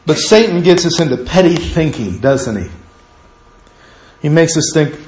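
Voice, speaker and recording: Animated preacher man in an echoey hall. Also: on the high side, measured pace, pauses often. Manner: animated preacher, acts out both sides of prayers to God. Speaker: pastor. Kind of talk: sermon. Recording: echoey hall, mic far off.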